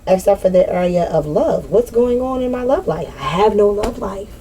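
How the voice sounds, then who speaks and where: A woman talking candidly in a personal vlog, slangy and animated, swearing and laughing at herself. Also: mid-range voice, moderate pace, a little hiss or hum. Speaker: spiritual vlogger.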